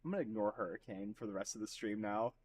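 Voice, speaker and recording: Slight background noise sits under a man's low, slightly mellow voice as he streams a video game. He talks casually and profanely with viewers, cracking self-deprecating jokes and making quick asides to chat.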